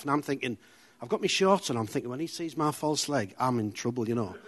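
A man with a Teesside accent speaking to a church group. He talks in a chatty, self-deprecating way and mixes funny stories into his sermon. His voice sits in an ordinary middle pitch. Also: animated, fast talker. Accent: Teesside English. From Middlesbrough, England. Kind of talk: informal sermon with humorous anecdotes.

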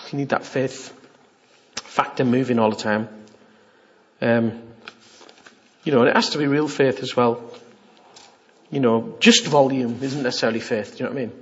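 A man's voice: mid-range voice, fairly even intonation, normal speed, long pauses. A middle-aged man preaching an informal, jokey sermon and acting out the voices he quotes. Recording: dull lo-fi sound.

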